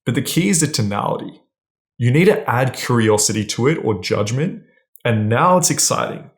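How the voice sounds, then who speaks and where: A man's voice: medium pitch, expressive, normal speed. A man giving casual, blunt dating advice straight to camera, swearing freely and often checking in with "right?". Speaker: dating coach.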